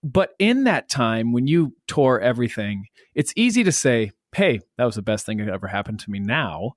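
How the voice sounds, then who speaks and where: A man's voice: medium pitch, big pitch swings, moderate pace, dry recording, studio quality. A man hosting a podcast, asking questions in an encouraging, conversational way. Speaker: podcast host. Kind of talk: interview conversation.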